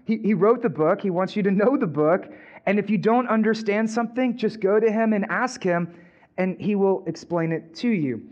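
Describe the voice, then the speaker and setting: A man's voice: sits high, normal speed, a little mellow, highs cut off. A male pastor preaching a sermon in a casual, conversational way, repeating and restarting phrases.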